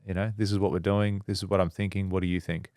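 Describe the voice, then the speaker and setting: Male podcast co-host, low voice, dry room, casual storyteller. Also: level tone, fast talker, darkish tone, no room sound. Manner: storytelling, quotes people in dialogue. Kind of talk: casual chat.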